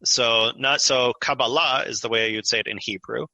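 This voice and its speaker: Bright, dry-sounding man explaining eagerly. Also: medium pitch, moderate pace, vocal fry, no room sound, rough recording. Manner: animated, explanatory, laughs often. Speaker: author and guest. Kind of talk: conversational interview.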